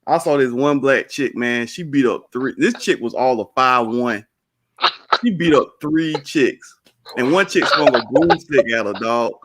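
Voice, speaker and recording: A man's voice: mid-range voice, a little slow. A man casually telling a story to a friend, full of slang, calling him man and dog. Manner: lively, slangy, says "man" and "dog" a lot.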